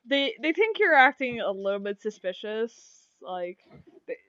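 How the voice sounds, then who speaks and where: A woman's voice: a little high, very animated, a little slow, bright, forceful tone, dry recording, muffled recording. A woman running a tabletop game as game master, talking in a rambling way with many fillers.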